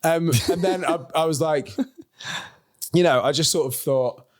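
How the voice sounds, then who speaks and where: A man's voice: fairly high pitch, measured pace. A man hosting a podcast, chatting casually and joking with his guest. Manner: chatty, joking banter with frequent laughter. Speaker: podcast host. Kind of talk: casual chat.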